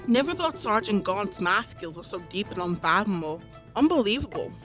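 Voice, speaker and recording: Woman voicing a skeptical investigator, plain reading, game music clear behind. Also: medium pitch, very animated, fairly quick, close to an everyday voice.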